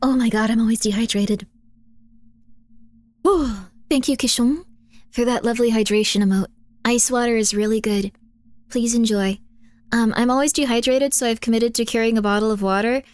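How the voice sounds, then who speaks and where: A woman's voice: on the high side, fairly even intonation, normal speed, pauses often, a little mellow, dry recording. A woman streamer chatting casually with her audience, rambling through fillers and laughing often. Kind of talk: casual chat, reacting to chat and videos.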